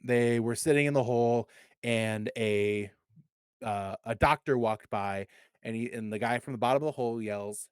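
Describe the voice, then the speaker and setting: Man, 30s, guest on a casual stream chat, halting and heartfelt, dry close mic. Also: mid-range voice, fairly even intonation, smooth, dry recording. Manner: halting, repeats words, earnest and heartfelt. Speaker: community advocate guest. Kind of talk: casual podcast chat, personal storytelling.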